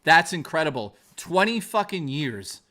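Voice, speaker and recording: A male streamer with a fairly high voice rants heatedly into his mic, swearing and circling back on his points. He reads and answers his viewers' messages between tirades. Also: big pitch swings, a little slow, pushed and bright. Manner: heated, profane, repetitive ranting. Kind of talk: angry live-stream rant and chat reading.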